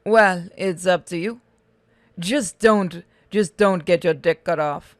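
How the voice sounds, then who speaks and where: Woman putting on a slow, crude convict. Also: lowish voice, no room sound. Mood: blunt. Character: hulking male convict lifting weights, blunt and crude.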